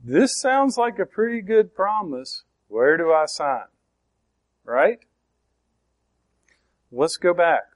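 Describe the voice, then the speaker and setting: A man preaching a sermon, slow and emphatic, asking the congregation questions as he explains a verse. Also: on the high side, animated. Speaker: pastor.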